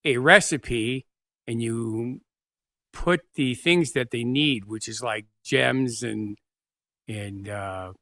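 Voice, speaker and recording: A man co-hosting a casual podcast chat, explaining things patiently but haltingly, with frequent restarts. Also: medium pitch, sharp tone. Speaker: podcast co-host.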